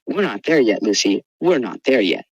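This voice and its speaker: A woman's voice: extremely low pitch, big pitch swings, normal speed, slightly rough, no room sound, muffled recording. A teenage girl co-hosting a casual podcast, retelling a story with playful sarcasm. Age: teens. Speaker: podcast co-host. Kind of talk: casual chat.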